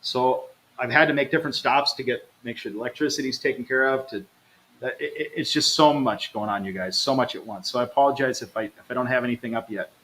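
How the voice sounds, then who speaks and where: A man's voice: medium pitch, quick pace, a bit bright, a little hiss or hum, low-quality recording. A man hosting a live travel stream, chatting casually and reading out viewer comments in an upbeat way. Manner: chatty, upbeat, addresses viewers as "you guys". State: low energy, recovering from stomach trouble.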